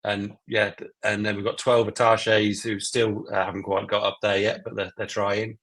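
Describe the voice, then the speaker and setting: Man, lowish voice, casual, easy laughs, quick restarts, call audio. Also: little pitch movement, a bit bright. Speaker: ambassador program lead. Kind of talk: community call update.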